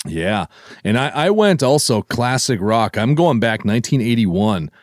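A man's voice: mid-range voice, big pitch swings, measured pace, dry recording, studio quality. A man co-hosting a podcast, chatting casually and enthusiastically, rambling with lots of fillers. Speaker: podcast co-host. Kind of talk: casual chat.

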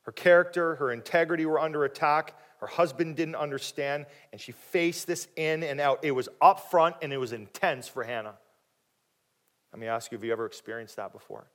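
Animated male preacher, higher voice. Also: brisk. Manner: animated, acting out quoted voices with big swings in pitch and loudness; drops to a low, quiet voice for questions to the listeners. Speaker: pastor. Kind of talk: sermon.

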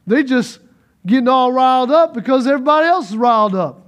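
A male preacher with a very high voice delivers a sermon in an animated way. He rises to loud urging, then drops to soft, hushed lines. He repeats his phrases and calls out to the congregation. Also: fairly quick.

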